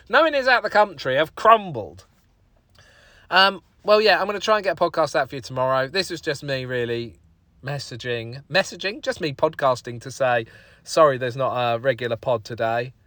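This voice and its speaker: A man's voice: medium pitch, fairly bright tone, dry recording. A man hosting a podcast on his own, chatting in a rambling, self-deprecating way and swearing casually. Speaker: podcast host. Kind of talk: casual solo podcast chat.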